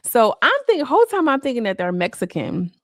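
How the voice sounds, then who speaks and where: A woman's voice: on the high side, sing-song, a little fast, fairly bright tone, dry recording, studio quality. A woman chatting casually on a live stream from her home, rambling loosely and filling her talk with "like.". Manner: rambling, loose, full of "like" fillers. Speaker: livestreamer.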